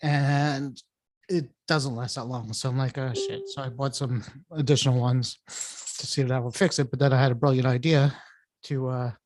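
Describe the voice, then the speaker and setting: A man's voice: mid-range voice, fairly even intonation, moderate pace. A man co-hosting a podcast, telling rambling anecdotes with restarts and laughter. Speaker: podcast co-host. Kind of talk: casual chat.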